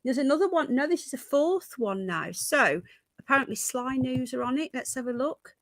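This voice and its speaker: A middle-aged woman with a British accent chats through news stories on her livestream and keeps breaking off to greet viewers by name. Her voice sits a little high, and it is recorded close and dry, with no room sound. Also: expressive, normal speed, no echo. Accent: British English. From Britain. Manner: chatty, rambling, greets viewers mid-sentence. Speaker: livestream host. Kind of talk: casual livestream chat reading news.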